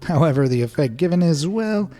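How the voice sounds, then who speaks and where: A man's voice: on the high side, expressive, a little fast, warm tone, faint music behind. A man narrating a scripted video, with playful, wry asides.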